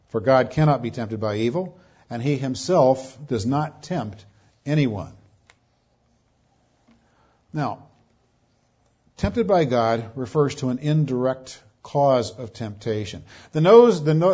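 A man's voice: medium pitch, dark tone, breathy edge. A man preaching an expository sermon, emphatic and repeating his key phrases, on a dull lo-fi recording. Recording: dull lo-fi sound.

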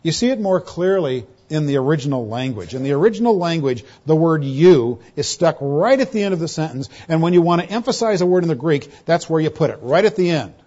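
A man preaching a sermon in a fairly high, mellow voice. He delivers it with strong emphasis, swinging from loud, pointed quotations to soft, hushed passages. The recording sounds dull and lo-fi. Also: animated, fairly quick, few pauses. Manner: emphatic, rising to loud pointed quotes then dropping to hushed lows. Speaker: pastor. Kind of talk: expository sermon.

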